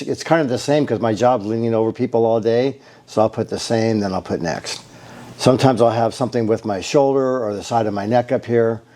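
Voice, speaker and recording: Man, casual testimonial, rambling storyteller, earnest, mellow dark voice. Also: medium pitch. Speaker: bodywork therapist giving a patient testimonial.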